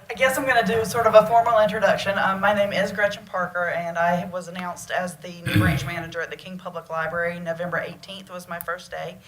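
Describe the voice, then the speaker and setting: A woman's voice: lowish voice, fairly even intonation, a little fast, hardly any pauses. Heartfelt Southern woman in an echoey room. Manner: earnest and heartfelt. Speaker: branch library manager. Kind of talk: formal introduction at a public meeting. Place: meeting room. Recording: roomy meeting-room sound with faint noise.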